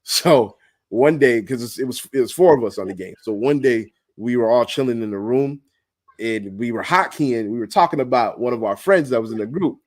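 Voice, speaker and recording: A man guest streamer talking casually in an interview, relaxed and slangy with many fillers. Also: medium pitch, moderate pace, no echo.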